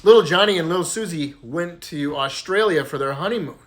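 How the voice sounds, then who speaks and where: Lively man telling dirty jokes. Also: on the high side, brisk. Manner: lively, animated voices for characters, laughs at own punchlines. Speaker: joke teller. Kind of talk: casual joke telling.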